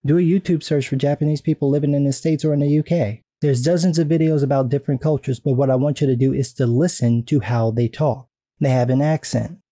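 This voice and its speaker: Male commentator, sarcastic and profane, mid pitch, mellow tone. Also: steady tone, a little fast, no room sound. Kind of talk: ranting video commentary.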